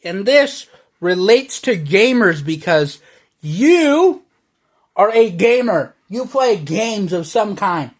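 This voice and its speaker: A man's voice: sits high, expressive, takes it slowly. A man delivering a rambling, profane monologue to his viewers, playing up a brash, exaggerated online persona. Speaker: online video creator.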